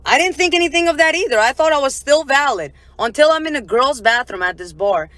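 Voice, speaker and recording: A woman telling a comic story in a casual, animated way, swearing freely. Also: high-pitched, fairly quick, dry recording.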